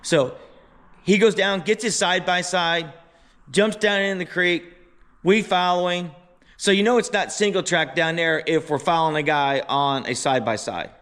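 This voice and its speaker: A man casually retelling a muddy trail ride, animated and exasperated. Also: a little high, moderate pace. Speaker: motorbike vlogger. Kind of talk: casual storytelling voice-over.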